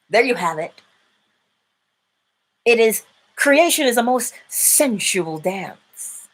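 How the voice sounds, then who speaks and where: A woman hosting a live-stream inspirational talk, preaching in an animated way and laughing often. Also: on the high side, measured pace. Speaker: inspirational speaker and host.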